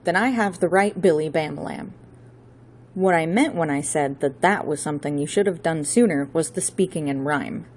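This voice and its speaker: A woman doing a brisk, wry agent on the phone. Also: sits low, a little mellow, slight background noise, natural voice. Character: smooth-talking male theatrical agent on the phone.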